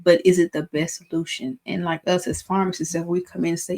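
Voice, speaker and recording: Fast, excitable Southern woman coach. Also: on the low side, vocal fry. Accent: Southern US country accent. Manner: fast, excitable, chatty, many fillers. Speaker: pharmacy exam coach. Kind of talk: casual teaching talk to camera.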